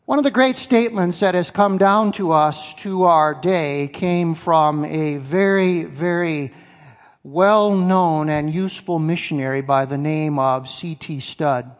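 A man's voice: on the high side, unhurried, hardly any pauses. A male pastor preaching a sermon, emphatic, repeating key phrases and asking his congregation questions. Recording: long hall reverb.

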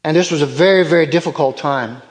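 A man's voice: fairly high pitch, fast, long reverb tail. A man preaching a sermon as pastor, emphatic and repeating key phrases for effect.

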